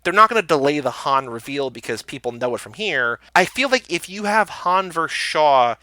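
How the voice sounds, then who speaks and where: An eager man co-hosts a podcast, walking through scenes and firing off questions. His voice is bright, and its pitch swings widely. The recording is dry and close to the microphone. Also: sing-song, moderate pace, no room sound. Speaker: podcast co-host. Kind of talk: casual chat.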